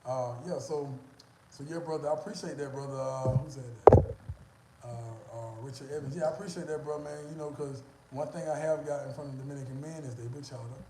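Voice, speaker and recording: A man's voice: medium pitch, steady tone, brisk, echoey room, heavy background noise. A man going live from a restaurant on his phone, talking in a rambling, repetitive way with lots of swearing and fillers. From United States. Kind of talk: casual live-stream monologue.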